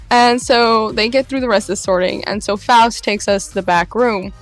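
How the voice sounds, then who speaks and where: A woman vlogger tells a story in a lively, dramatic way, speaking casually to her viewers. Her voice sits at a middle pitch. Faint music plays quietly behind her. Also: moderate pace, few pauses. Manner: animated, dramatic retelling with laughs. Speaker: LARP vlogger.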